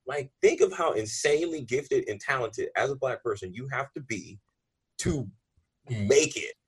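Man, podcast host, casual chat, lively swooping pitch, husky, emphatic, lots of slang. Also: normal speed. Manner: animated, emphatic, profane slang. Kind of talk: casual conversation.

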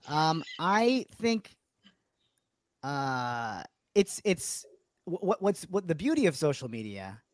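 A man's voice: fairly high pitch, dry recording. Chatty storytelling man, dry close sound. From New Hampshire, USA. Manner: chatty storyteller with quick restarts and frequent laughs. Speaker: guest comedian. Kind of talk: casual podcast chat.

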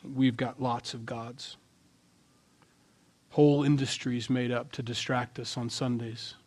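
A male pastor preaching a sermon in an animated way, swinging between loud lines and quiet asides. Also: mid-range voice, unhurried.

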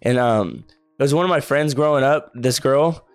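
A man's voice: medium pitch, moderate pace, clear, resonant tone, dry recording, soft background music. A young man from Texas co-hosting a podcast, telling a long rambling story in casual chat and saying "bro" a lot. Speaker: podcast co-host.

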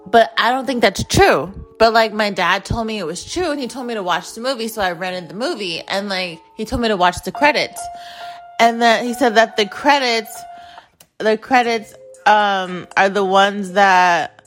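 A woman's voice: medium pitch, moderate pace, faint music behind. A young woman from Phoenix hosting a podcast, telling a personal story in a blunt, profane way with lots of "like". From Phoenix, USA. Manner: blunt and profane, heavy use of "like". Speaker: podcast host. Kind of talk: casual storytelling monologue.

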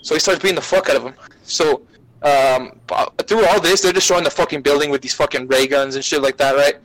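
A man guesting on a podcast, retelling an anime plot in a profane, rambling, animated way. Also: a little high, brisk, dry recording, low-quality recording. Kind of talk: casual anime recap chat.

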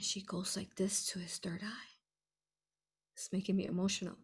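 A woman hosting a livestream Q&A, rambling and repeating herself, asking "right?" and sometimes dropping to a soft whisper. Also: medium pitch, fairly even intonation, normal speed, slightly rough. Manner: drops to a soft whisper at times. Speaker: host answering viewer questions. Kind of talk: livestream Q&A talk.

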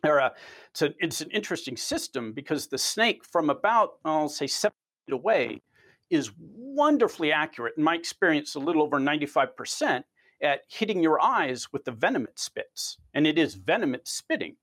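A man, a research scientist, answering interview questions as an animated storyteller who repeats words at the start of phrases. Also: on the high side, fairly quick.

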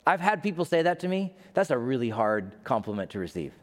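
A pastor in his fifties preaching a sermon, animated and acting out the voices he quotes. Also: medium pitch, a little fast. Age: 50s. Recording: long reverb of a large hall.

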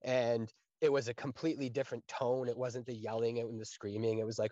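A man's voice: medium pitch, level tone, a little fast, few pauses, warm tone, no echo, muffled recording. A man in his thirties from Canada, talking earnestly and at length in a casual podcast conversation, full of fillers. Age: 30s. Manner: earnest, rambling with frequent fillers. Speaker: guest.

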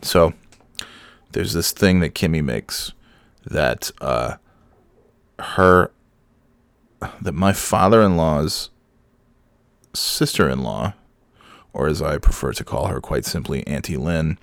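A man's voice: very deep voice, animated, slow, gravelly, long pauses, dry recording. A middle-aged man hosting a solo podcast from home, sick and half awake, holding back coughs and rambling with self-mocking chuckles. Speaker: podcast host. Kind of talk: casual solo podcast monologue. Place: home with kids heard in the background.

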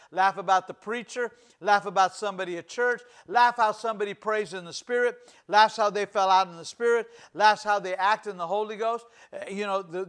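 A middle-aged male pastor delivers a fervent sermon in a high, ringing voice. He leans into the scripture, voicing its people with conviction. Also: a bit bright.

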